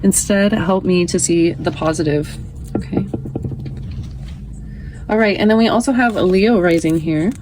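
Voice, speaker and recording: A woman's voice: on the low side, a little slow, long pauses, noisy background. A woman in her thirties giving a casual, chatty tarot reading, often reading card text aloud.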